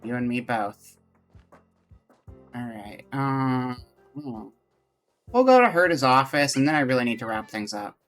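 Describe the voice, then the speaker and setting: A man's voice: medium pitch, a little slow, pauses often, fairly bright tone, faint music behind. A man casually chatting to his viewers while he plays a game and reads its text aloud. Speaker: streamer. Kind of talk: casual live game commentary.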